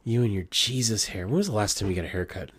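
A man's voice: fairly low pitch, lively intonation, fast talker, fairly bright tone, slightly rough. A man around his thirties co-hosting a podcast, chatting casually, teasing his friend and gushing with pride. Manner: playful teasing, gushing and emotional. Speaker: podcast co-host. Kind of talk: casual chat.

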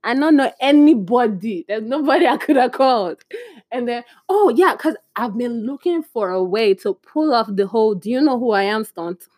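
In a close, dry recording without echo, a young woman podcast host from Nigeria tells casual stories at a moderate pace. Her fairly high voice stays animated and chatty as she performs the voices of people she quotes.

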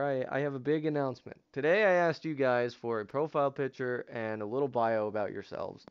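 A man's voice: mid-range voice, a little fast, few pauses, clear, resonant tone, highs cut off. A man hosting a podcast, telling a long story in casual chat, with lots of fillers and swearing. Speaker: podcast host. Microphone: headset over online voice chat.

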